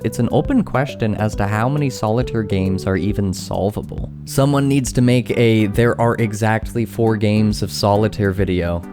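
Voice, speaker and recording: A young man narrating a comedic tech vlog, animated and exclaiming, bantering with himself, with faint music behind. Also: lowish voice. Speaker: YouTube creator.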